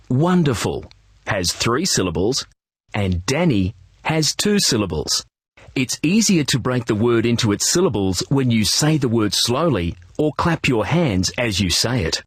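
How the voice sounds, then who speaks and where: A man narrating a children's reading program, giving clear, encouraging instructions and praise. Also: mid-range voice, dry recording, studio quality.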